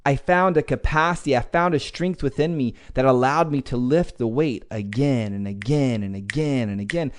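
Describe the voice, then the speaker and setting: Brief: male podcast host, mid-pitch, animated motivational storyteller who swears casually. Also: normal speed, few pauses.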